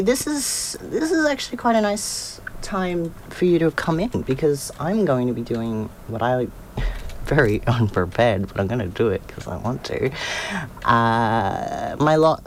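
A man's voice: a little high, big pitch swings, a little slow, a little hiss or hum. A young man hosting a casual community radio show, rambling and self-deprecating, laughing often. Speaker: radio host. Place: radio studio.

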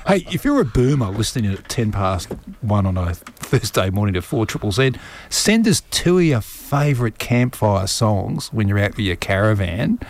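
A man's voice: on the low side, sing-song, moderate pace, slight background noise. A man hosting a late-night community radio show, joking and chatting in a studio. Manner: joking, chatty, jumps between topics. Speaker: radio host. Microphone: studio microphone.

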